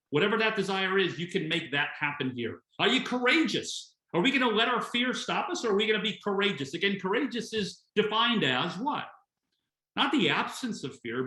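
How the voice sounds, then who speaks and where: A man's voice: high voice, sharp tone, echoey room, low-quality recording. A man speaking as company president in a motivational webinar, emphatic and full of rhetorical questions and repeated phrases. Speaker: company president addressing distributors.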